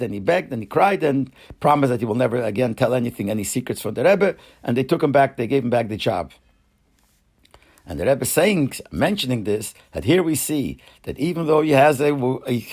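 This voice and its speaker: An older man, a rabbi, retelling a Hasidic story in an unhurried way, often searching for words and restarting phrases. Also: medium pitch, a little mellow. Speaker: rabbi sharing memories.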